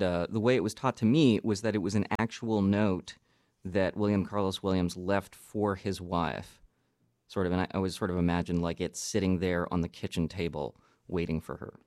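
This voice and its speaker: A man's voice: low voice, dry recording. A man who makes radio and writes poetry, chatting animatedly and reading short poems aloud in a studio. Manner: animated, indignant about the poem. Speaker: radio producer and poet. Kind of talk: casual chat and poetry reading.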